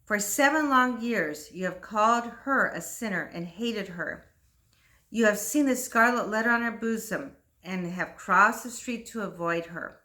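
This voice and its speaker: Woman voicing a dying young priest, fervent, solemn, loud and slow. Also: mid-range voice. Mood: fervent confession. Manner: impassioned, solemn declaiming.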